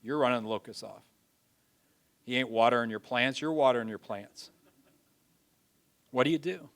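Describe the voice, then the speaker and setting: Brief: male preacher, sermon delivery, folksy talk, mid-pitched voice, builds loud then drops to a hush. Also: moderate pace. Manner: dramatic, swings from loud pleading to hushed; folksy everyday phrasing.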